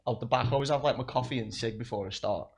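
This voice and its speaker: Young man, casual podcast guest, animated storyteller, swears freely. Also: medium pitch, rapid-fire, vocal fry, slightly rough. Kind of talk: casual chat.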